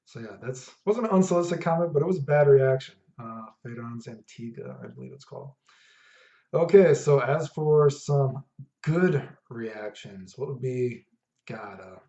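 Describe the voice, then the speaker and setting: A man's voice: mid-range voice, mellow. A man casually telling stories to camera about reactions to his fragrances, rambling with lots of fillers and asides. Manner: rambling, laid-back, many fillers and asides. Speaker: fragrance vlogger. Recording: echoey room, dull lo-fi sound.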